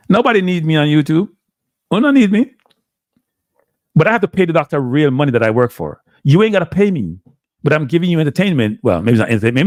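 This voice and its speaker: A man with a Jamaican accent hosts a live stream, talking to his chat in a loose, rambling way and sounding exasperated as he drifts in and out of patois. His middling-pitched voice is recorded close and dry, with no echo.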